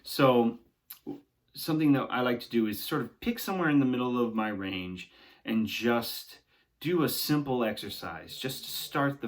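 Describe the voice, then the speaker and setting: A young adult man teaching singing, guiding a vocal warm-up and often checking in with "right?". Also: medium pitch. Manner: encouraging, talks along with exercises, often ends with "right?". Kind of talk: guided vocal warm-up lesson.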